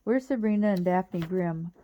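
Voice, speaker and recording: A woman's voice: on the low side, normal speed, warm tone, close to an everyday voice. A woman reading the lines of a bold, impatient young girl in an urgent, direct way.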